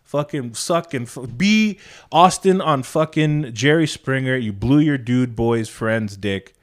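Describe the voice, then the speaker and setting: Profane, animated male podcast host. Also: medium pitch, takes it slowly. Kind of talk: casual podcast chat.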